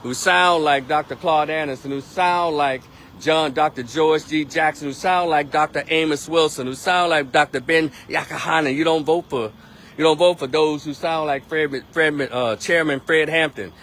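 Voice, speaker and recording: Guy ranting on a live stream, bright sharp voice, a bit high, faint street noise behind. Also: fairly even intonation, normal speed. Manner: blunt, emphatic, repetitive. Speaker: political commentator on a live stream. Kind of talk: opinionated live-stream monologue.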